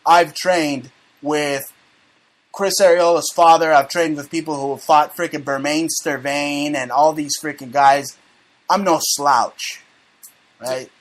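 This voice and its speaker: A man's voice: a little high, steady tone, slow pace. A man hosting a casual talk show, brash and profane, joking and mocking as he reads the news. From United States. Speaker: show host.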